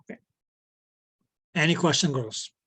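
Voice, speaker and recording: A man teaching an online physics class, slowly and patiently, filling his speech with "okay" and making small grammar slips. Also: on the high side, expressive, a bit bright, slightly rough. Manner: repeats "okay" as filler, non-native grammar slips. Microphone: video call.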